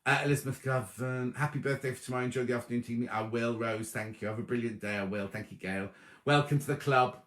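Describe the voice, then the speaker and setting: A man's voice: medium pitch, fast talker, fairly bright tone, roomy sound. A man, hosting a sewing livestream and chatting casually as he reads out viewers' comments and thanks them by name. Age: 50s. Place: home room before a dark wall.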